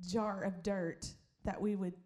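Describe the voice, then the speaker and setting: A woman's voice: mid-range voice, little pitch movement, a little slow, warm tone. A woman pastor preaching in a storytelling way. She laughs often and acts out other people's voices. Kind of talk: sermon storytelling.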